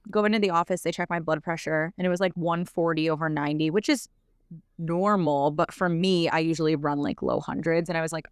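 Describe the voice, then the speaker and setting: A young adult woman telling a personal story as a podcast guest, in a quick, animated way full of filler words. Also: deep voice, clean tone, no room sound, studio quality. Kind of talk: casual storytelling.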